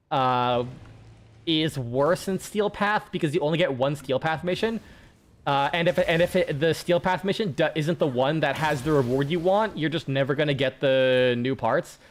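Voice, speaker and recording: A young man streams a game and talks to his chat in a loose, rambling way, often restarting his sentences. His voice sits a little high for a man, and he swears freely as he goes. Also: measured pace. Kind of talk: casual gaming chat.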